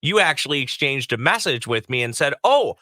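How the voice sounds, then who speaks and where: Bright, joking man podcast co-host. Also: medium pitch, big pitch swings, brisk, dry recording, clean studio sound. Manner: joking, rambling, easygoing. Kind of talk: casual chat.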